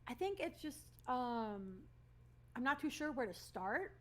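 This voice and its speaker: Brief: young woman podcast guest, slightly high voice, relaxed and giggly. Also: unhurried. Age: young adult. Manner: easygoing, giggly, hedging with likes and ums. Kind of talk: casual podcast chat.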